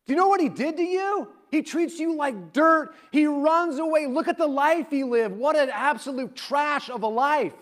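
A preacher acting out a bitter, resentful older brother. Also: male voice, very high-pitched, moderate pace, few pauses, voice pushed up. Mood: indignant. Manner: bitter, incredulous outburst. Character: resentful indignant older brother, young man.

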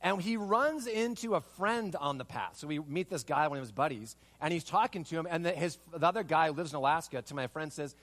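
Male pastor with a high voice for his sex, animated storyteller who leans on repeated rhetorical questions. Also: brisk, few pauses. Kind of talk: sermon with personal story.

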